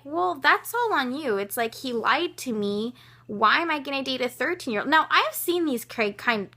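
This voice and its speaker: An eighteen-year-old woman telling a personal story to her vlog viewers, animated and exasperated, with lots of fillers and restarts. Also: mid-range voice. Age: young adult. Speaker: vlogger.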